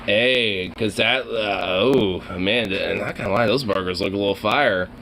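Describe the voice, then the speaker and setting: A man's voice: on the low side, moderate pace, bright, forceful tone, a little hiss or hum. A man casually reacting to videos, rambling, joking crudely and laughing often.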